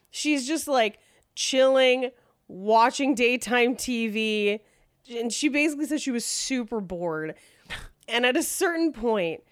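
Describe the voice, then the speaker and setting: A woman's voice: a little high, no echo, clean studio sound. A woman hosting a podcast, casually telling a true-crime story in a chatty way and laughing often. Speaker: podcast host.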